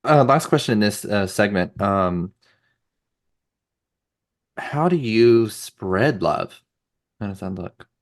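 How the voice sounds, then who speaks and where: A man hosting a podcast, asking short questions and affirming his guest in a relaxed way. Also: lowish voice, slow pace, pauses often. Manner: relaxed, brief affirming interviewer. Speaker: podcast host. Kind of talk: casual chat.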